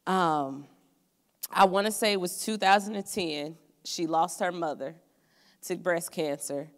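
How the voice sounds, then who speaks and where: A woman's voice: fairly low pitch, measured pace, big-room sound. A young woman giving a student sermon in a college chapel, telling stories from her own life in an earnest, conversational way. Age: young adult. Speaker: student preacher.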